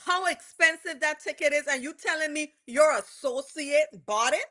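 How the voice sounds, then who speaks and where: A woman with a Caribbean accent from the Virgin Islands, chatting as a podcast co-host and acting out quoted dialogue in an animated way. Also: high voice, moderate pace. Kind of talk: casual gossip chat.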